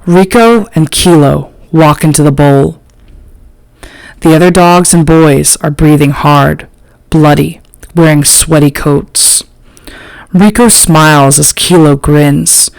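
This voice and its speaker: A woman narrating an audiobook in a slow, measured, literary reading. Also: low-pitched, fairly even intonation, vocal fry, no room sound, rough recording. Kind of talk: scripted narration.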